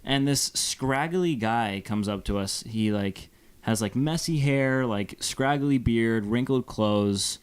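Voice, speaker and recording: Speaking slowly at a medium pitch, this young Phoenix man has a clear, resonant tone. He's co-hosting a podcast, casually telling a meandering story packed with fillers.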